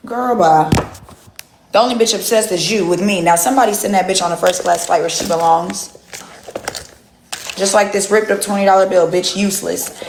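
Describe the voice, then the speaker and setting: A woman's voice: mid-range voice, fairly even intonation, normal speed, pauses often, roomy sound. A woman chatting casually on a livestream from home, brash and profane, teasing and trash-talking. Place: at home indoors. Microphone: phone livestream.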